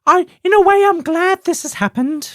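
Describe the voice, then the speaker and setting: A woman with a British accent putting on a high, Elmo-like warble to play a clumsy, cheerful middle-aged woman TV chef who stays calm while bleeding. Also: normal speed, dry recording, clean studio sound. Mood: chirpy. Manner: chirpy, unflappable, swooping shrieks.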